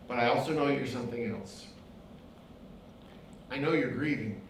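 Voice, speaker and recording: A man's voice: mid-range voice, moderate pace, slight background noise. A man, a pastor and author, giving an impassioned inspirational speech with rhythmic repetition. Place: event venue. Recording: very echoey hall, mic far off.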